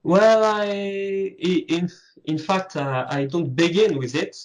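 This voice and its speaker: A man's voice: high-pitched, slow pace, crowd noise, rough recording. A man from France with a French accent, guesting on an interview, searching for English words. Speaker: guest artist. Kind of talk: casual interview chat.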